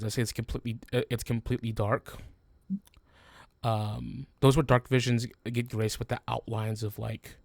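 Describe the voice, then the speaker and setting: A man's voice: lowish voice, dry recording. Male game master, casual rambling narration, dry close mic. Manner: rambling, many fillers and restarts, laughs often.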